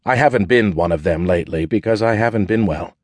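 A man's voice: lowish voice, brisk, dry recording, natural voice. A man voicing a wounded man stuck in bed who jokes and teases in an offhand way. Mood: wry. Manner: joking, offhand, teasing.

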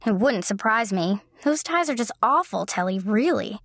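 A woman's voice: mid-range voice, animated, moderate pace, no echo, clean studio sound. A woman reading the lines of a sweet-natured, teasing widowed mother in middle age. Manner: gentle, teasing.

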